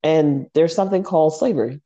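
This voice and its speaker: A woman's voice: low voice, brisk, dull audio. A woman from New York City, co-hosting a podcast, telling stories in a blunt, exasperated way. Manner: animated storyteller, blunt and exasperated. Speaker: podcast co-host. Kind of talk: casual chat.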